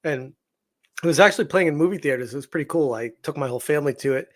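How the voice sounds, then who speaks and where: A man from Boston, a guest on a casual podcast, talking in an excited, rambling way. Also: a little high, very fast. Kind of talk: casual chat.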